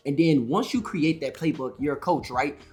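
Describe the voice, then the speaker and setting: A man's voice: fairly high pitch, normal speed, soft background music. Amped-up, rambling male trading vlogger. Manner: energetic, rambling, self-correcting, says "all right" and "you know" a lot. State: amped up on coffee. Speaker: day trading YouTuber. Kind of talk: casual to-camera trading advice.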